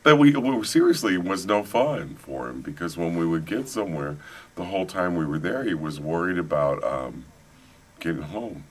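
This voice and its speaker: A middle-aged man telling a travel story in a casual interview, animated and laughing often. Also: deep voice, moderate pace. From United States. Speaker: author, interview guest. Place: conference venue, indoors.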